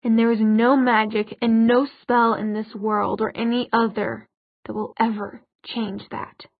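A woman narrator voicing a cold, defiant young man who speaks in clipped, measured words. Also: on the high side, fairly even intonation, slightly rough. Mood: cold, hateful. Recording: dull lo-fi audiobook recording.

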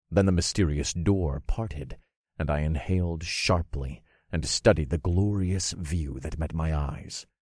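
A man giving measured, dramatic first-person narration of a fantasy audiobook. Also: low-pitched, a little mellow, no echo, studio quality.

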